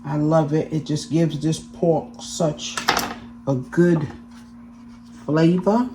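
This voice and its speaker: A woman's voice: low voice, fairly even intonation, slow pace, background noise. A woman hosting a casual cooking demonstration in her home kitchen, chatting and often checking in with her viewers. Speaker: cooking channel host.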